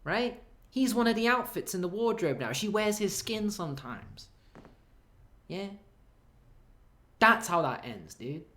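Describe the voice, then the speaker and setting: A man's voice: sits high, very animated, measured pace, pauses often, bright, forceful tone. Profane rambling man in an echoey room. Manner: profane, rambling, laughs often. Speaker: streamer. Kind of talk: crude comedic storytelling.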